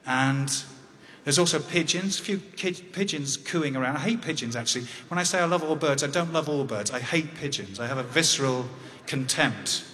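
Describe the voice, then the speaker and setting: An English man in his fifties telling a personal story on stage in a wry, conversational way with halting restarts. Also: on the high side, bright, forceful tone. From England. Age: 50s. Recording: long hall reverb.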